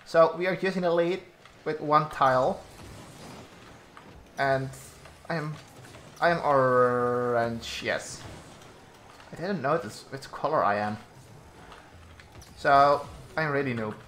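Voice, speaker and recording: Slow-talking man commentating gameplay. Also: mid-range voice, fairly bright tone, reverberant, a little hiss or hum. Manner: slow, halting commentary with frequent restarts, exasperated at teammates. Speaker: gaming YouTuber.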